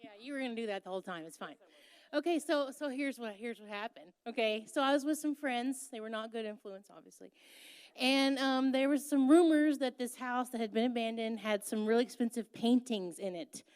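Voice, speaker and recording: A young woman tells a personal story in a candid, self-mocking way. Her voice is smooth and a little high.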